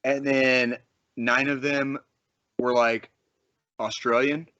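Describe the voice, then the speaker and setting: Man from arizona, casual podcast co-host, rambling and excitable, swears a lot, dry dull-sounding mic. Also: mid-range voice, takes it slowly, no room sound. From Arizona, USA.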